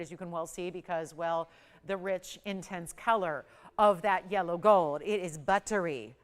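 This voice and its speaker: On a live shopping channel, a middle-aged host with a smooth, clear, fairly bright voice sells products with eager, emphatic patter, stressing particular words heavily. She is recorded in a studio through a lapel mic.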